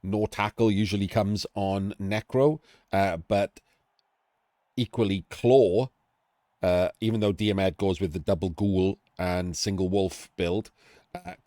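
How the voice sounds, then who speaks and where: Man, middle-aged, low-pitched, dry close sound, casual game analysis, chatty and rambling. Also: steady tone, takes it slowly, dark tone, dry recording. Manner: rambling, chatty, self-interrupting.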